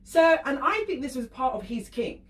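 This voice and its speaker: A woman working as a professional dominatrix, a guest on a radio show, telling stories in casual chat, animated and laughing often. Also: high voice, moderate pace, roomy sound, distant mic, slight background noise. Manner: animated storyteller, laughs often, acts out voices.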